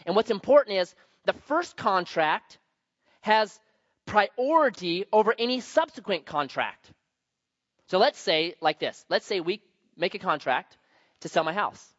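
This pastor's high voice is animated and his pace measured as he delivers a conversational sermon with anecdotes, breaking into sudden emphasis on key words and shifting loudness for stress. There's no room sound, though the audio is slightly muffled.

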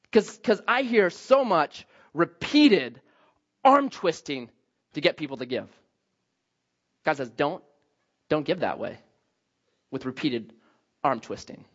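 A man's voice: extremely high pitch, a bit bright, lo-fi sound. A man preaching a sermon as pastor, telling stories with self-mocking jokes. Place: church sanctuary.

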